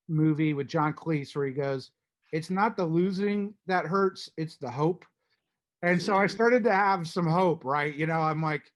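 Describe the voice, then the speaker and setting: A man hosting a podcast, chatting casually and animatedly about a strategy game, rambling and restarting his sentences often. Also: on the high side. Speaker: podcast host. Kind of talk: casual chat recapping an online strategy game.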